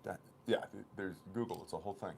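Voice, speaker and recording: Low-voiced man telling a lively story. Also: fast talker, creaky, a little hiss or hum. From Oklahoma. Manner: animated, laughing storyteller. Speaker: host of the company livestream. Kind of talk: casual chat and storytelling.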